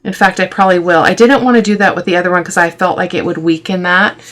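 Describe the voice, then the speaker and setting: A woman's voice: on the low side, fairly even intonation, fast, a bit bright. A middle-aged woman hosting a casual craft tutorial, chatty and affectionate, thinking aloud with fillers as she works. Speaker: craft video host.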